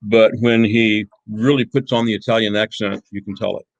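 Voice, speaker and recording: A man teaching a college class, introducing a video in a halting way with many repeated words. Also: on the low side, fairly even intonation, no echo, dull audio. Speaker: college lecturer.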